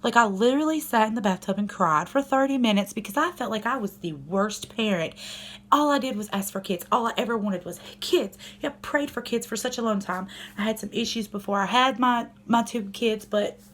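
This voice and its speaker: A woman's voice: a little high, a little fast, a bit bright, slight background noise. A young woman, a mother, talking casually to her camera at home, candid and rambling with many fillers.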